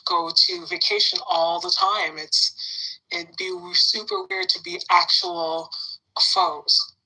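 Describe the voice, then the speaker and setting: Blunt outspoken woman, raspy and lively. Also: medium pitch, takes it slowly, poor audio. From Canada. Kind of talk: casual political chat.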